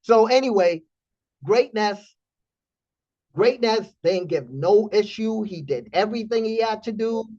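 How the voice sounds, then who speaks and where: A man hosting a trading community stream, telling a story in blunt, animated casual talk with profanity. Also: high voice, a little slow, dull audio.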